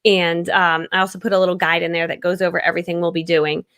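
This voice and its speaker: A woman in her thirties hosting a live-stream coaching session, talking casually, loudly and energetically and laughing often. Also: fairly low pitch, flat delivery, fast, clear, resonant tone.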